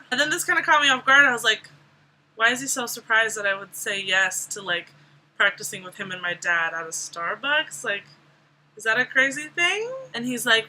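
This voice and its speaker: A young woman tells a story to her camera in casual, sarcastic chat, dropping "like" everywhere. Her voice sits high and rings very bright. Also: lively intonation, brisk, poor audio. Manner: chatty, sarcastic, lots of "like". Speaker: vlogger.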